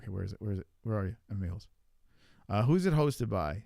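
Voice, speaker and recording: A man's voice: fairly low pitch, lively intonation, vocal fry, warm tone, no echo. Swearing, muttering man, dry sound. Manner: swears a lot and thinks aloud, muttering; halting, with many fillers and repeats. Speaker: podcast host. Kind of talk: casual chat while playing an online quiz.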